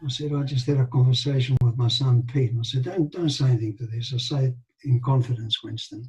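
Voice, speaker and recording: An older man, telling animated anecdotes with quoted dialogue as an interview guest. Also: medium pitch, fast, poor audio. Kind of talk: storytelling in a casual interview.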